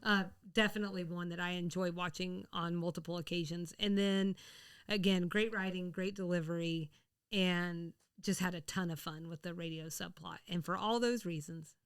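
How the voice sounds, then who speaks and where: A woman co-hosting a podcast in casual chat, chatty and quick to laugh. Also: lowish voice, fairly even intonation, clear, resonant tone. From the American South. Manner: chatty, laughs often, rambling restarts. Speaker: podcast co-host.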